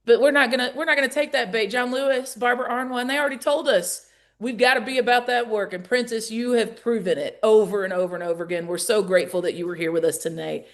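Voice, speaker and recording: Energetic Southern woman hosting a rally call. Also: a little high, fast talker. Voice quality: lively, folksy, calls out to the audience. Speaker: call host and organizer.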